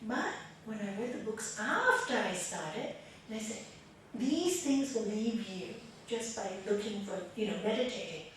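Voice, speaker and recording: Brief: woman meditation teacher, higher voice, animated storyteller, distant mic in a very echoey room. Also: unhurried, slight background noise. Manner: lively, chatty, often laughing while telling anecdotes. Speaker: raja yoga teacher. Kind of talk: spiritual talk to a small group.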